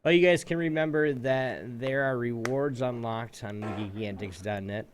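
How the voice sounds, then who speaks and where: A man's voice: mid-range voice, normal speed, background noise. A man hosting a podcast in easygoing casual chat, plugging links and giveaways to listeners. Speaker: podcast host.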